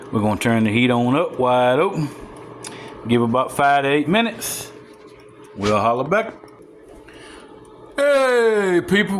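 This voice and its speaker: A man's voice: mid-range voice, slight background noise. Folksy man cooking at home. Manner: folksy and chatty, talking straight to viewers, excited whoops. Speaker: home cook showing a recipe. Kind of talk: casual cooking video narration. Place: home kitchen.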